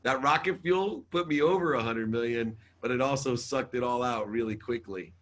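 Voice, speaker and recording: A man, a guest in an interview, telling an emotional personal story in an animated, emphatic way. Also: mid-range voice, moderate pace. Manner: animated, emphatic, swears casually. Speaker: guest entrepreneur.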